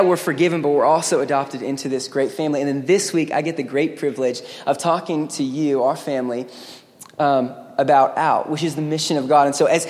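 High-voiced energetic pastor preaching. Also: male voice. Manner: energetic, joking, acts out quoted voices. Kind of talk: sermon. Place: church sanctuary. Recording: long hall reverb.

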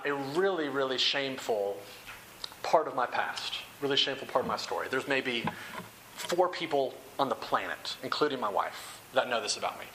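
In a room with rows of chairs, a young man delivers a sermon for a campus ministry, speaking earnestly and conversationally and circling back to restate phrases. The mid-range voice is bright and forceful, on a low-quality recording with slight background noise.

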